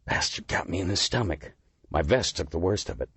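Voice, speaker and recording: A winded cop mutters low and out of breath, his voice deep and husky, in a male narrator's own register. The sound is close and dry. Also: lively intonation, fairly quick, fairly bright tone, no room sound, heavily acted.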